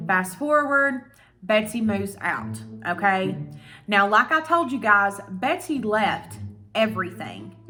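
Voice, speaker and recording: A young woman with a bright, forceful voice rants through a storytime vlog, animated and freely swearing. A little music plays faintly underneath her. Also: medium pitch. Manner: animated, profane and ranting. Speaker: YouTuber.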